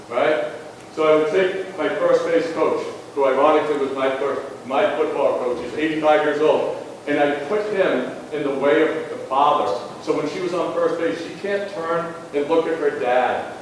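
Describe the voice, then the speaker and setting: Heard at a distance in an echoey school auditorium, with a little hiss or hum, this man speaks at normal speed in a fairly high, fairly even voice. He's a school athletics speaker earnestly motivating parents through stories, regularly asking "okay?"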